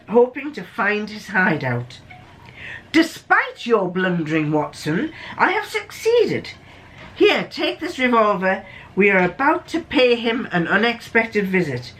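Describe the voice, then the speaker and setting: A woman's voice: mid-range voice, a bit bright, low-quality recording. A woman with a sore throat from a cold, reading aloud the lines of a clever, condescending male detective.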